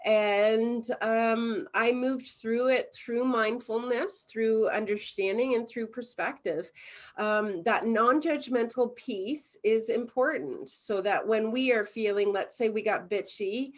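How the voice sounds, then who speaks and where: A woman's voice: on the high side, slow pace. A woman from Canada, a mindfulness coach, chatting casually as an interview guest, laughing often and acting out everyday scenes. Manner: animated storytelling, acts out little scenes.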